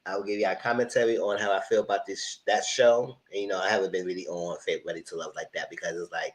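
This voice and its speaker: A man giving casual, animated commentary on reality TV, voice only, speaking straight to his viewers in slangy talk. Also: low-pitched, fast talker, poor audio. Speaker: TV review host. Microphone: voice only, no camera.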